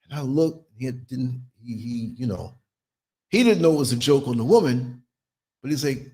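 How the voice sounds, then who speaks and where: Husky-voiced man on a blunt solo podcast. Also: mid-range voice, lively intonation, moderate pace, mellow. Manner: blunt, preachy, acts out quoted voices. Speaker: podcast host.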